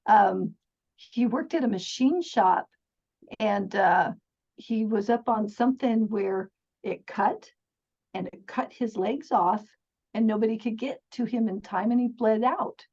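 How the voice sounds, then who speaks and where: Chatty middle-aged woman with a husky voice. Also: a little high, measured pace, darkish tone. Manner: chatty, earnest, laughs often, many restarts. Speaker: podcast guest. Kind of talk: casual storytelling interview. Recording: dull lo-fi sound.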